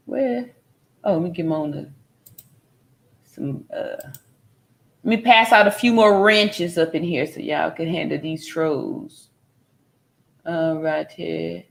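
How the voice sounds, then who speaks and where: A woman's voice: lowish voice, slow, gravelly, long pauses. A woman nurse from California hosting a casual livestream, reading viewer comments aloud and laughing often. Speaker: livestream host reading chat.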